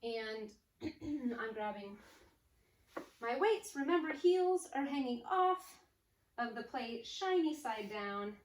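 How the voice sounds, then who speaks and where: A woman's voice: a little high, expressive, slow. A woman fitness instructor coaching a home workout while exercising, upbeat, counting down reps and cueing form, a little out of breath. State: slightly out of breath. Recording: echoey room, distant mic, faint noise.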